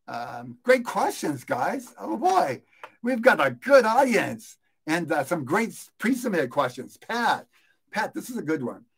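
A man teaching guitar in a live question-and-answer lesson, relaxed and rambling, often correcting himself and counting beats aloud. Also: high voice, unhurried, breathy edge. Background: his own guitar playing.

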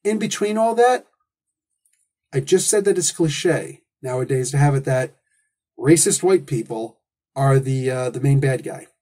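A man's voice: medium pitch, animated, measured pace, mellow. A man hosting a comic book review, talking in a casual, opinionated monologue full of rhetorical questions and asides.

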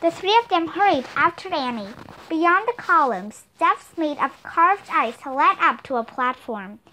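A woman's voice: high voice, measured pace, slight background noise. A woman reading a children's chapter book aloud, narrating expressively. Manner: expressive, animated storytelling. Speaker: reader. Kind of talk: audiobook narration.

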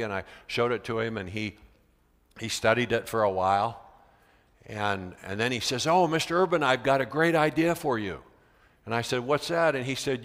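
A man from the United States gives a conference talk as a veteran teacher, in an ordinary middle pitch. He tells stories from his classroom in a lively way and acts out both sides of the dialogue. His voice rings with the long reverb of a big convention hall. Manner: animated storyteller, acts out quoted dialogue. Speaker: keynote speaker, veteran teacher. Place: large convention center hall.

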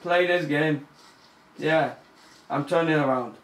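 A young gamer gives let's play commentary on a horror game as he plays, nervous and easily scared, swearing and laughing. His voice is a little high and slow, with a reverberant sound.

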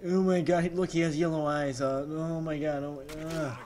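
A man's voice: on the high side, little pitch movement, moderate pace, a little mellow, slight background noise. Overexcited man in a gamer parody. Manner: overexcited, constant gasping exclamations; sarcastic asides. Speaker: gaming YouTuber parody. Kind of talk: comedic gameplay commentary.

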